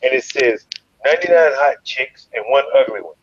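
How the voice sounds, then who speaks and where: A man from Chicago telling a wild story in an interview, profane and animated, leaping into loud quoted voices. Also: mid-range voice, normal speed, breathy edge, muffled recording. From Chicago, USA. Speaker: guest, fighter.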